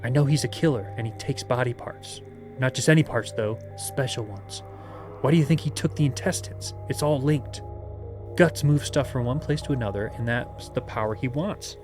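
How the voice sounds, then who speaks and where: A man voicing a nervous, unkempt male lab technician who talks in a hushed, secretive way. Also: mid-range voice, normal speed, faint music behind, natural voice.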